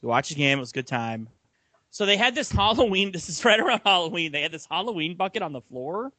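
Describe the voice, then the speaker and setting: A young man co-hosting a casual sports podcast, his voice bright and lively as he swings up and down in pitch while telling stories. He laughs as he talks, and the sound is dry and close. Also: quick pace, no echo. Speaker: podcast co-host.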